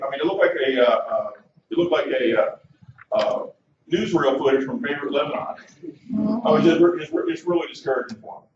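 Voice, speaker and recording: A man's voice: on the high side, a little mellow, a little hiss or hum. A man in his forties doing his first stand-up set. He tells stories with nervous hesitations and leads the crowd in chants. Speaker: comedian. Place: comedy club stage. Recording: echoey club heard from far off on a dull mic.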